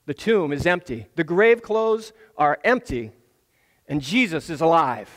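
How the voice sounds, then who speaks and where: A man's voice: a little high, very animated, unhurried, fairly bright tone. A man, a pastor, acting the Apostle John as an awed eyewitness in a church drama monologue, telling it earnestly with stammered restarts. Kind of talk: first-person dramatic monologue.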